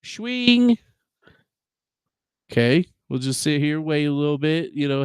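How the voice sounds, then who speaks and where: A man's voice: on the high side, sing-song, slow, pauses often, smooth, dry recording, clean studio sound. Exasperated profane male streamer. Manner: exasperated, profane, talks to his software. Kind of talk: casual livestream rant. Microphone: desk microphone with noise gate.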